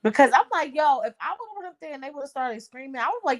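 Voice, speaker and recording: A woman's voice: high voice, expressive, fast, few pauses, fairly bright tone. A young woman chatting casually, agreeing emphatically and swearing freely. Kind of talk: casual chat.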